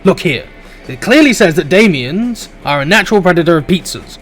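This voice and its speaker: A loud, reckless monster boy, as a man puts him on, blustering in a fast, pushy way with a lively, rising voice. He sounds greedy and sure of himself. Faint music plays underneath. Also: sits high.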